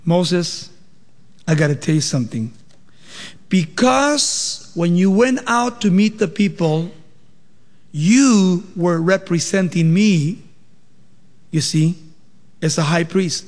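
Man doing God, patient male deity, fairly high voice, rhetorical questioning, echoing hall. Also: lively intonation, slow pace, long pauses, a little mellow. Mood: patient rebuke. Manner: conversational, pointed rhetorical questions.

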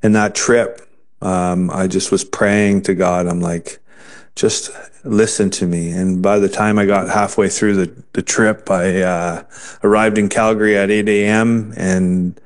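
A man telling his conversion story in an interview, earnest and halting, often restarting his sentences. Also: low-pitched, flat delivery. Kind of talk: personal testimony in an interview.

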